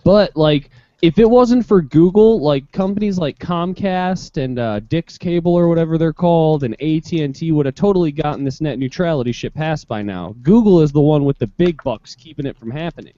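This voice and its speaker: A co-host talking in a rambling, excitable way, full of "like", on a dull video-call line. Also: male voice, normal speed, no echo. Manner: rambling, lots of "like", rising pitch when excited. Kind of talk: casual podcast chat. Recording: dull, dry lo-fi call audio.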